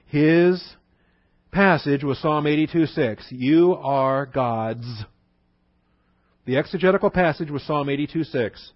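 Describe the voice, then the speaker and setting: A man teaching a Bible lesson in a conversational way, repeating phrases for emphasis and slowing down to spell out words. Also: a little high, no room sound. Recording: dull, dry lo-fi recording.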